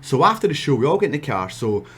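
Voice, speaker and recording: A man's voice: medium pitch, big pitch swings, fast, a bit bright, husky. A man with a Scottish accent casually telling a wrestling story, rambling with asides and restarts.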